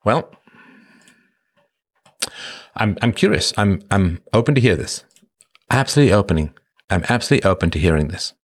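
A man's voice: lowish voice, expressive, moderate pace, long pauses, slightly rough. A man hosting a livestream, reading chat and talking casually in a wry, self-mocking way. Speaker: show host reading chat.

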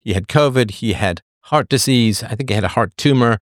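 A man's voice: mid-range voice, brisk, no room sound. Dry-voiced man hosting a comment show. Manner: digressive, laughs often, sardonic asides. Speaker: show host answering viewer comments. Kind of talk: casual livestream monologue.

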